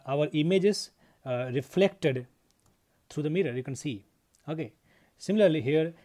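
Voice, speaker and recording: A man's voice: a little high, warm tone. Explanatory male English teacher. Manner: explanatory, repeats points, frequent "okay". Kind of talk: grammar lesson.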